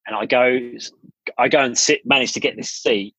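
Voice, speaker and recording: A middle-aged English man who founded a studio chats casually as a podcast guest, telling stories with frequent restarts. His medium-pitched voice is bright, forceful, and husky at a moderate pace, with no echo. The podcast audio is dull and lo-fi.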